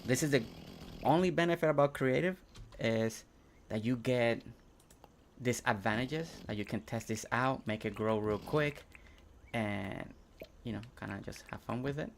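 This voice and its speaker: While building on his game stream, this young native Spanish speaker reads chat messages aloud and muses to himself. He speaks at a measured pace in a creaky, medium-pitched voice, pausing often, with slight background noise.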